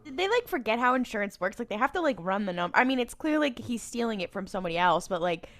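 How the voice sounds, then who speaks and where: A woman's voice: fairly high pitch, sing-song, fast, fairly bright tone. A young adult woman co-hosting a podcast, dropping wry joking asides in casual chat. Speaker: podcast co-host.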